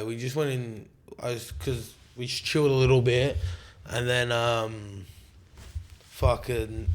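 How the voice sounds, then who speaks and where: A young Australian man on a podcast, telling a rowdy tour story in casual chat, swearing freely and acting out what people said. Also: medium pitch. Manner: swears a lot, acts out quotes. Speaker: guest.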